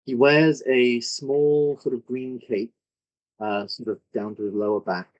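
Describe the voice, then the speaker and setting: A man's voice: mid-range voice, fairly even intonation, measured pace, a little mellow, muffled recording. A man narrating as game master, describing scenes with many fillers and self-corrections. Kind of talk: improvised tabletop narration.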